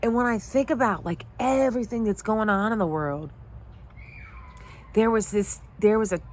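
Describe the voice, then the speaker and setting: Speaking at a moderate pace in a medium-pitched voice, a middle-aged female life coach shares a personal story. She is emotional and heartfelt, at times close to tears.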